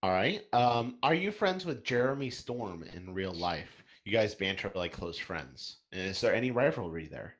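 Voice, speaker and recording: Playful man host with a lively voice. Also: lowish voice, moderate pace, hardly any pauses. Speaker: podcast host. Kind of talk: reading listener questions.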